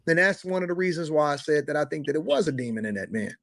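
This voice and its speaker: A man in a heated debate who argues forcefully, interrupts, swears and repeats himself. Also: a little high, lively intonation, fast, gravelly, dry recording. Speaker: panel speaker.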